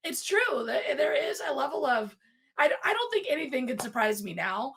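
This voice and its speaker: A woman in casual podcast chat, animated and laughing, talking about dispatch work. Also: sits high, moderate pace, slight background noise. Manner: animated, laughing, acts out callers.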